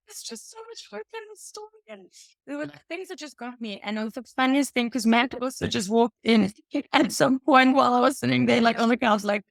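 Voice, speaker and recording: A woman's voice: sits high, vocal fry, no echo. A woman in her late twenties hosting a casual chat, telling stories animatedly and laughing often. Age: late 20s. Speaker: podcast host.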